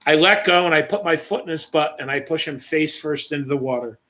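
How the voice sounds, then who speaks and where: A man reads a first-person story aloud on a livestream, in a dramatic style broken by offhand asides. His voice sits fairly high and sounds bright and forceful. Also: fairly quick. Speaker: author reading his own story.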